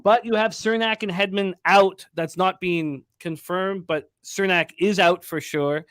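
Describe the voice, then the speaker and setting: Host, male, sports betting show: brisk and emphatic, reads off stats, voice a bit high, dry booth sound. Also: fairly even intonation, fairly bright tone, clean tone, dry recording.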